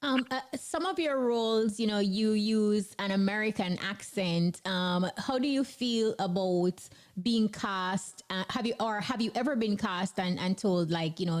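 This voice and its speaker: A woman hosting a radio show, interviewing a guest and running the on-air links in an upbeat, brisk presenter manner. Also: medium pitch. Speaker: radio host.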